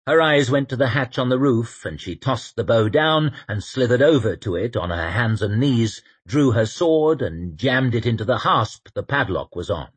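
A man reading an audiobook with vivid, expressive storytelling. His voice is husky, and his pitch moves widely up and down through the action. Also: normal speed, hardly any pauses. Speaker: audiobook narrator. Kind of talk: scripted narration.

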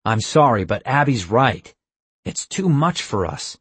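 A man's voice: medium pitch, big pitch swings, measured pace, fairly bright tone, husky, no room sound, pitched above the performer's own voice, heavily acted. A man voicing a weary, apologetic teenage boy who has decided to leave. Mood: resigned.

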